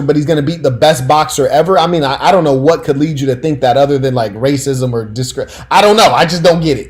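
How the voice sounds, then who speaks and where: A man with a somewhat high voice hosts a casual commentary stream. He tells stories in a slangy, emphatic way and keeps talking straight to his audience. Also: darkish tone.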